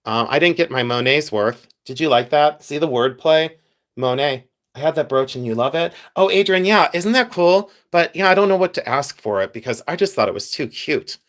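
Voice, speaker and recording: A man's voice: a little high, moderate pace. A man hosting a casual live stream, chatting with viewers, reading their comments and joking in a playful, self-mocking way. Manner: chatty, animated, reads and answers chat. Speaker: livestream host sorting jewelry.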